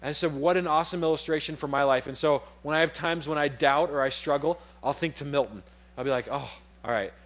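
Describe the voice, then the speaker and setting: A man's voice: a little high, fast talker. Casual young male preacher telling a story. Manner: casual, animated, acts out dialogue in the story. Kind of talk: sermon storytelling.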